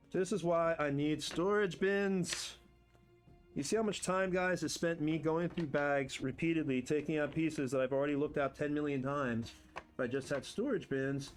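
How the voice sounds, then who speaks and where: A man's voice: on the high side, normal speed, soft background music. A man streaming live, chatting playfully to himself and to viewers as he builds game terrain, boasting in fun. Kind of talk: casual live-stream chat while building. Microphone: desk mic with headphones.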